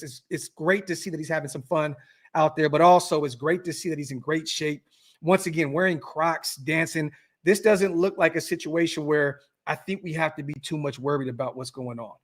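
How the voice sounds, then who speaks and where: A man hosting a casual sports podcast, speaking straight to his viewers in a slightly high voice. He talks with animated energy. He loops back on his own phrases and restarts them as he goes. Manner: animated, repeats himself, many restarts and fillers. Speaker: podcast host.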